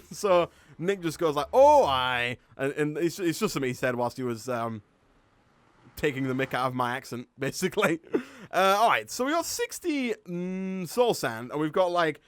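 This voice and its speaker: A man with a Yorkshire accent, his voice sitting a little higher than most men's, gives chatty live-stream commentary over a game. He thinks aloud and laughs often. The recording is dry and close, with almost no room sound. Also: big pitch swings, normal speed, no room sound. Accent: Yorkshire English. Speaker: gaming streamer.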